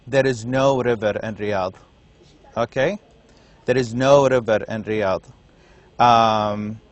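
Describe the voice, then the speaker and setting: Male lecturer, middle pitch, unhurried classroom delivery that keeps checking understanding. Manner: explains slowly, checks in with "okay?" often. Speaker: university lecturer.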